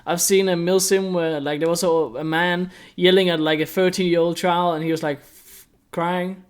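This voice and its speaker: A man's voice: high-pitched, steady tone, moderate pace, clean tone. A young man from Denmark, explaining a hobby in a rambling, chatty way with many fillers. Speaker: airsoft YouTuber. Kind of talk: casual explainer vlog.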